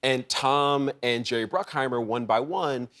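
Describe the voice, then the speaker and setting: A male actor as a talk show guest, telling an animated story with impressions and laughter. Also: medium pitch, unhurried. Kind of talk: late-night talk show interview.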